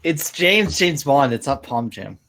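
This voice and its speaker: Female chat participant, unhurried, mocking, pitch swinging widely. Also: big pitch swings, a crowd in the background. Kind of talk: casual online voice chat.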